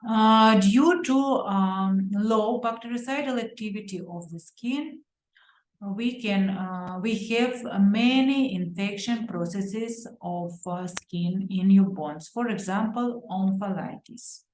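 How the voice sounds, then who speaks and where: A woman with an Uzbek accent lectures slowly and deliberately on pediatric medicine. Her voice sits at a middle pitch and she stops now and then on fillers and restarts. The room around her is roomy and echoing. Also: a little mellow. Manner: careful, deliberate reading with hesitant fillers and self-corrections. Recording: roomy echo.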